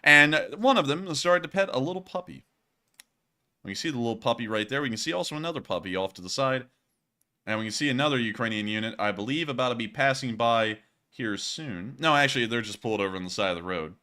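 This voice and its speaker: A man's voice: medium pitch, lively intonation, fast talker, pushed and bright. A man casually commenting over war footage as host, joking and rambling and laughing at his own slips. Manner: jokey, rambling, laughs at himself.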